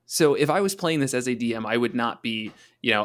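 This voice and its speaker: A man co-hosting a casual tabletop gaming talk, chatty, often slipping into quick voices for monsters and players. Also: mid-range voice, lively intonation, fairly bright tone. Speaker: podcast co-host, game master.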